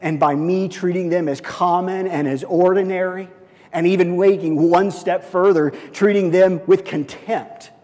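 A man preaching a sermon, telling a personal story and slipping into excited, quoted voices. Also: on the high side, big-room sound. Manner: storytelling with lively swings into excited quoted speech. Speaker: pastor.

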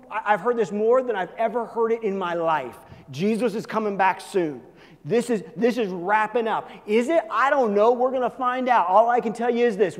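Pastor guy preaching hard, kinda high voice, big echoey church hall. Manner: fervent preaching, swinging between loud peaks and soft low asides. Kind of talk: sermon. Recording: long reverb of a large hall.

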